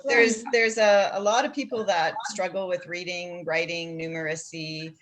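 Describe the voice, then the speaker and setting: A woman's voice: on the low side, steady tone, moderate pace, over a noisy crowd. A woman, a charity director, answering questions in a casual interview over a video call, earnest and explanatory. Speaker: executive director of a literacy charity.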